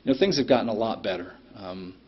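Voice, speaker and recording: A middle-aged man speaks in a somewhat low, husky voice, sharing his story at a recovery meeting. His talk is plainspoken and blunt, full of ums and the odd curse. The meeting-room recording sounds dull and lo-fi. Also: fast talker. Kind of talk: personal recovery share.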